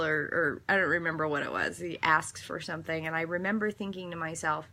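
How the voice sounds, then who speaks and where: A woman's voice: low voice, expressive, brisk, few pauses, bright, forceful tone, slight background noise. Earnest woman hosting a daily devotional. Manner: earnest, meandering storytelling with self-corrections. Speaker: devotional host. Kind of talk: daily devotional reading and reflective chat.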